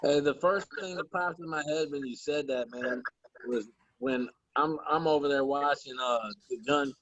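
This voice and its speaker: A man calls in by phone and spins a profane, animated story. His voice sits a little high, and the sound is dull and muffled. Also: moderate pace, dry recording. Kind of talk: casual chat. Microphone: phone call.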